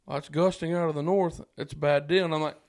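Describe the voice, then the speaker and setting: A man with a notably high voice tells a story as a podcast guest. He talks casually and acts out the voices of the people in the story. He laughs between lines as he goes. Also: fast talker, vocal fry. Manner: animated, acts out quoted voices, frequent laughs.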